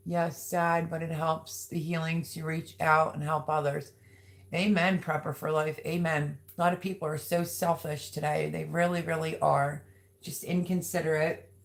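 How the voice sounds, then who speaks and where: A woman hosting a casual live stream, chatting in a rambling, affectionate way as she reads out viewers' comments. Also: lowish voice.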